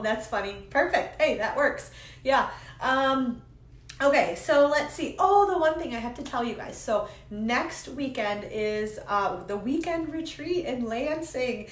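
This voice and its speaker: Woman, hoarse from a cold, casual livestream host, rambling and upbeat, roomy echo. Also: fairly high pitch, fairly bright tone. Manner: rambling, upbeat, greets viewers by name. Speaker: host of a live card-making stream. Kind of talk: casual chatty livestream greeting. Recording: roomy echo with faint ambient noise.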